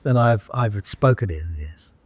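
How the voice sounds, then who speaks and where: A man in his sixties from England, with an English accent touched by Australian, telling anecdotes in a relaxed interview with frequent asides. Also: on the low side, a little slow, breathy edge, no room sound. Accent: English with some Australian. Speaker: guest, professional speaker. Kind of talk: conversational interview storytelling.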